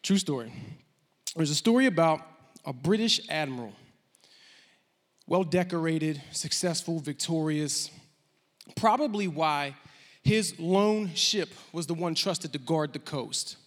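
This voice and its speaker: Joking pastor in a reverberant church hall. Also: male voice, a little high, animated, measured pace, long pauses. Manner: casual, joking, self-deprecating. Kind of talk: sermon storytelling.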